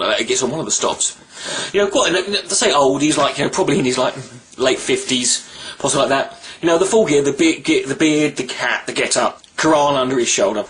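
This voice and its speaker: A man telling a story in a casual vlog monologue, animated, rambling and swearing freely. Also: mid-range voice, a little hiss or hum. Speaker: vlogger.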